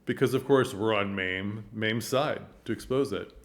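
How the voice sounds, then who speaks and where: A man giving earnest, animated commentary on a stage production, telling the story with frequent restarts. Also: on the low side, normal speed. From United States. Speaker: theater commentator. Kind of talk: casual commentary.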